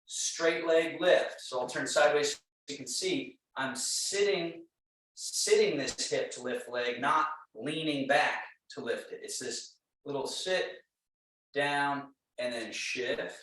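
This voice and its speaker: A man teaching a tai chi class, giving calm, repetitive movement cues. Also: medium pitch. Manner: calm, slow, repetitive cueing. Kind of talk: guided exercise class instruction. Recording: very echoey room, mic far off.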